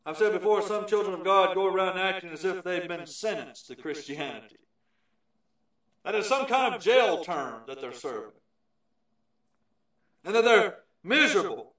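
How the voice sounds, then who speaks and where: A man preaching a sermon, emphatic and shifting from loud declarations to hushed asides. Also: high-pitched, lively intonation, moderate pace, long pauses. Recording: echoey, from far off the mic.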